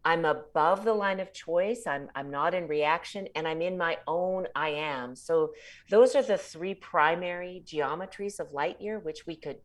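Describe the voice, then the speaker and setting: A woman speaking as an author in a reflective spiritual talk, measured and pausing to find her words. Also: lowish voice.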